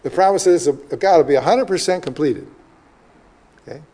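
A man preaching a sermon, reading scripture slowly and often checking in with the listeners with "okay?" and "right?". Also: on the high side, dark tone. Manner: reads scripture aloud slowly with emphasis. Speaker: pastor. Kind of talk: sermon, Bible teaching.

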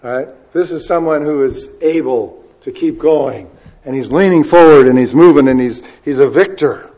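A male preacher giving a sermon, moving between loud emphasis and quiet asides and stretching key words out slowly. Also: fairly high pitch. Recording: dull lo-fi recording.

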